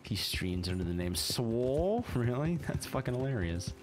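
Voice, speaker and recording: A man doing casual let's-play commentary, excitable, swearing a lot, laughing often and talking to his character. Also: lowish voice, moderate pace. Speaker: gaming streamer. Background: game music.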